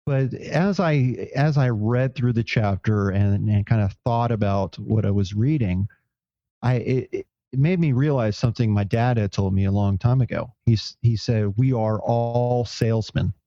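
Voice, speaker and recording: A man's voice: on the low side, normal speed, dark tone, dry recording, muffled recording. A man co-hosting a podcast, reflecting aloud in casual chat with many restarts. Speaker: podcast co-host.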